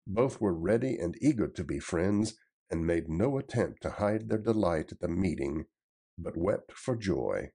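A man narrating a storybook tale in a measured, expressive reading. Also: on the low side, husky.

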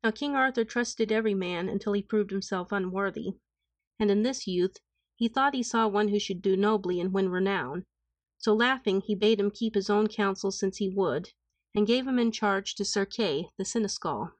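A woman narrates an old tale in a calm, formal, steady voice. She is recorded close and dry, with a mid-range pitch. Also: moderate pace, no echo. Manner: calm, even, formal reading. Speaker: audiobook narrator. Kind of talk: scripted storybook narration.

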